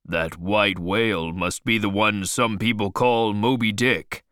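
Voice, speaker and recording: A man voicing a grave male harpooner who speaks earnestly and in a measured way, in a storybook reading. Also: fairly low pitch, steady tone, a bit bright, clear, resonant tone, dry recording, clean studio sound.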